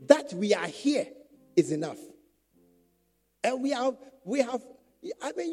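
A man preaching a sermon to church leaders, repeating phrases and acting out quotes. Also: sits high. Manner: animated preaching with repetition and acted quotes. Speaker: pastor.

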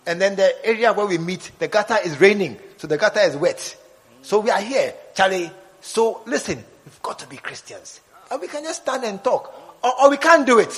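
A preacher with a bright, high voice that leaps up and down as he acts out scenes for his congregation. His sermon rings through a hall with a long reverb tail. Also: big pitch swings, moderate pace. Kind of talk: lively sermon.

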